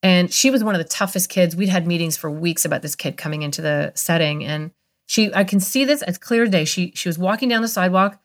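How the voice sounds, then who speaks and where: Her pitch fairly low and her pace a little fast, a woman in her fifties earnestly shares a career story. She's a guest expert on a podcast, and the interview storytelling feels heartfelt.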